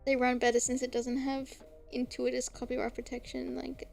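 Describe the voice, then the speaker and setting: A woman's voice: high-pitched, completely flat delivery, normal speed, gravelly, over loud music. A young woman streaming, chatting casually about games, laughing often and swearing now and then. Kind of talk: casual chat.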